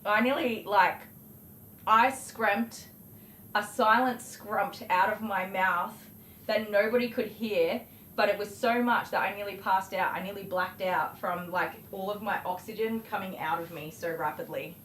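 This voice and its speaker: An Australian woman livestreams from an indoor grooming room, chatting and telling stories as she works on dogs. She's animated and laughing, acting out voices in her anecdotes, with a mid-range voice at a measured pace. The room gives a roomy echo, and an electric clipper buzzes faintly behind her.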